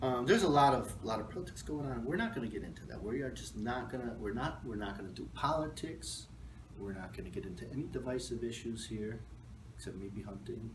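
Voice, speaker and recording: Casual guy host, joking around and rambling, sounds a few feet off the mic in a roomy space with some faint hiss. middle pitched, easygoing. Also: lively intonation, a little fast. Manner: joking, rambling, laughs often. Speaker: talk show host. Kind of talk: casual livestream chat. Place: arts center room. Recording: echoey room, mic at a distance, faint noise.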